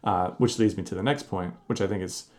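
A man co-hosting a sports podcast, explaining his views in a measured, casual way. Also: low-pitched. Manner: measured, explanatory, thinks aloud with fillers. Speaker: podcast co-host.

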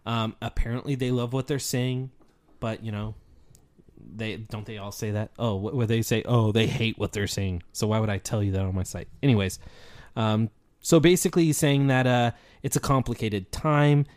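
A man's voice: medium pitch, steady tone, moderate pace, darkish tone. Guy cohosting a podcast, chatty, going over the news casually. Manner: chatty, summarizes entertainment news. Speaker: podcast co-host.

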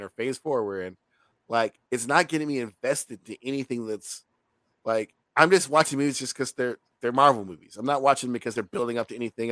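At medium pitch and with no echo, a man co-hosting a movie review show keeps things casual and animated. He curses freely and mimics people in mocking quoted voices.

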